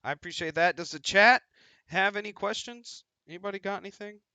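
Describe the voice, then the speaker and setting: Brief: male stream host, very bright tense tone, dry close sound, jokey and profane. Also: sits high, brisk, no room sound. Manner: joking, swears freely. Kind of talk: casual chat.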